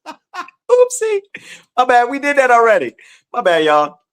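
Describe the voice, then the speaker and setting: A man's voice: very high voice, wildly swooping pitch, slow pace, a bit bright, smooth. A man leading a casual Bible study. He reads verses aloud and talks straight to his audience. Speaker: scripture study teacher.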